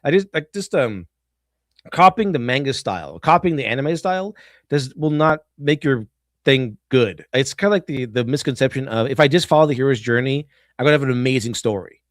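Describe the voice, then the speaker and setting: A man's voice: medium pitch, expressive, a little fast, dry recording, studio quality. A man streaming, giving rambling casual commentary on a video he is watching, often restarting his sentences.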